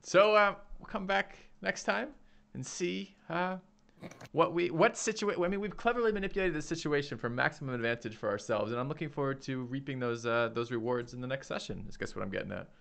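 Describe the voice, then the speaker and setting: A man's voice: fairly high pitch, brisk, creaky, a bit bright. A man hosting and playing a tabletop game, playful and wry. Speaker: host and player. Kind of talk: casual tabletop play.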